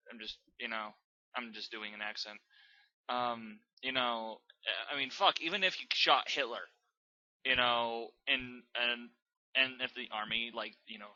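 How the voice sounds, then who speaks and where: A man's voice: medium pitch, sharp tone, highs cut off. A young man reading fanfiction aloud and then ranting about it, exasperated and sarcastic, swearing often. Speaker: channel host reviewing fanfiction. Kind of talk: dramatic reading and rant commentary.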